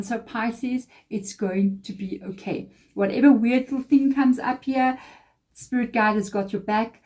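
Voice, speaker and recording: A woman's voice: a little high, fairly even intonation, normal speed, warm tone. A woman giving a tarot reading to camera, reassuring and emphatic, sometimes acting out people's reactions. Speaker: tarot reader.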